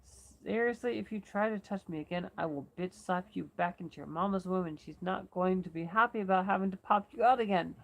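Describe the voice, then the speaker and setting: Flippant cocky guy, woman reader doing him, low gravelly voice. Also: brisk, hardly any pauses.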